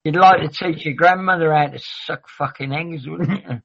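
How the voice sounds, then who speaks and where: A man's voice: on the high side, normal speed, creaky, crowd noise. A man talking in a rambling, sweary, argumentative way in a heated casual chat. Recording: dull lo-fi audio.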